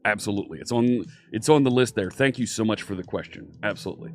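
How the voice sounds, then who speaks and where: A man's voice: lowish voice, fast. A man from Philadelphia with a light Philadelphia accent, teaching programming in a casual, upbeat live-stream chat and greeting viewers by name. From Philadelphia, USA. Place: home studio. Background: faint synthwave music.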